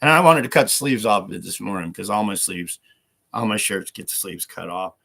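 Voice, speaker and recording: Gravelly-voiced man chatting on a livestream. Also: on the low side, a little fast, pushed and bright. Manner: rambling, repetitive, filler-heavy. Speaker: livestream host. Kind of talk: casual livestream chat.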